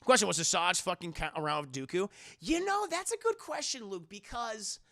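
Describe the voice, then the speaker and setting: Animated, gravelly-voiced man streamer chatting. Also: high-pitched, dry recording, studio quality. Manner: rambling, fast and animated, swears and laughs often. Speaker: livestream host. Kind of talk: casual chat answering viewer questions.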